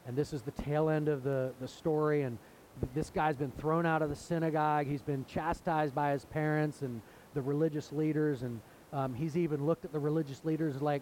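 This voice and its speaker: A man's voice: fairly high pitch, moderate pace, a little mellow, slight background noise, low-quality recording. A man preaching a sermon in an earnest way, now and then acting out the voices of people in the story. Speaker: pastor.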